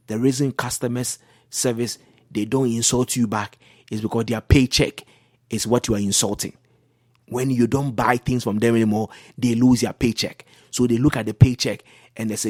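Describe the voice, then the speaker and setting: A husky-voiced male pastor speaking on a talk show, working through his advice with earnest, repetitive phrasing. His voice is slightly rough and sits at an ordinary pitch, recorded close and dry with no room sound. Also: a little mellow, no room sound. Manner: earnest, repetitive preaching cadence. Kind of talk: talk show teaching on marriage.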